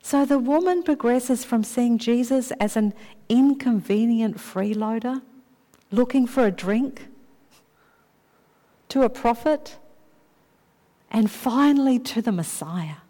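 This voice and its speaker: A woman with a fairly high voice delivers a sermon, unhurried and deliberate. She stretches out key phrases for emphasis. Her words ring with the long echo of a large hall. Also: dark tone. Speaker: preacher.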